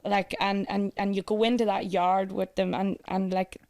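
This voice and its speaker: Guest: Irish woman, casual chat, animated and quick to laugh, mid-pitched. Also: creaky. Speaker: guest, runs a competition page.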